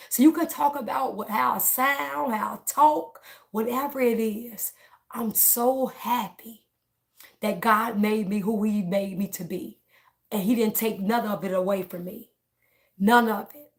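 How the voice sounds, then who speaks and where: A fairly high-voiced woman, speaking straight to her viewers in a casual vlog. She is blunt and defiant and circles back to the same points again and again. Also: moderate pace, creaky. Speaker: political vlogger.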